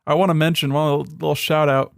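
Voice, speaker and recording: A young man co-hosting a podcast, sardonic and profane, often dropping into a low, dismissive mutter. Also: level tone, fast talker, vocal fry, no room sound, clean studio sound. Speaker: podcast co-host. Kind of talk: casual chat.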